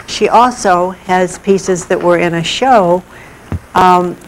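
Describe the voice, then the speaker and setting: A woman guest explaining regional art history in a measured, thoughtful way with pauses. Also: on the low side, a little hiss or hum, poor audio. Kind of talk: explaining in an interview.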